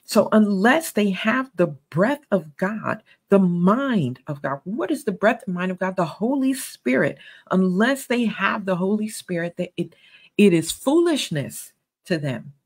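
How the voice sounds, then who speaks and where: A woman's voice: medium pitch, expressive, measured pace, breathy edge, rough recording. A woman giving a sermon-style Bible teaching, earnest and conversational, with emphatic stresses.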